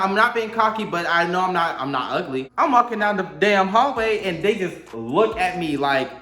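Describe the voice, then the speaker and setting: A man's voice: high voice, bright, forceful tone, reverberant. A young man, telling a profane, dramatic storytime monologue to camera and acting out his own quotes. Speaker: storytime vlogger.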